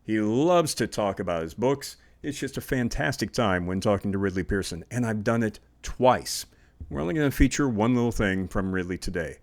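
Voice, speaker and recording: A man's voice: on the low side, lively intonation, moderate pace. A man from Indiana hosting a podcast, introducing clips and reading a sponsor spot in a chatty, self-deprecating way. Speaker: podcast host.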